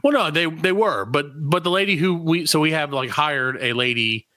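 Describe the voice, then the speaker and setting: A man's voice: fairly high pitch, normal speed, bright, forceful tone, dry recording. A man co-hosting a comedy podcast, telling a rambling, profane story in casual chat and acting out the other people's voices. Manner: rambling storyteller, acts out voices, swears freely. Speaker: podcast co-host.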